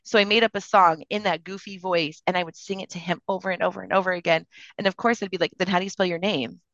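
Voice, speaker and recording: A middle-aged or older woman and grandmother, co-hosting a podcast in casual chat, halting with fillers and quick laughs. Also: medium pitch, steady tone, a bit bright, no echo. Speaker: podcast co-host. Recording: dry, dull lo-fi sound.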